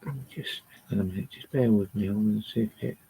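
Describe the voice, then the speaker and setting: A man's voice: on the low side, quick pace, gravelly, dark tone, a little hiss or hum, low-quality recording. A man hosting a casual livestream from a boat, ranting angrily and swearing at viewers between records. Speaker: livestream host playing records. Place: indoors on a boat.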